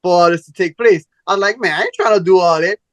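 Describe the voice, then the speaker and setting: A man's voice: sits high, fast, no room sound. A male podcast host telling a long personal story in casual chat, acting out each side of the conversation with plenty of profanity. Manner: animated, profane storyteller, acts out both sides of conversations.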